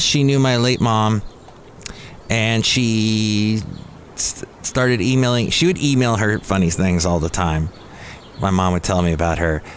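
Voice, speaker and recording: A man's voice: on the low side, slight background noise. A man hosting a comic podcast in a goofy, jokey way, reading jokes aloud and slipping into silly voices. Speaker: podcast host. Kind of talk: comic solo podcast chat.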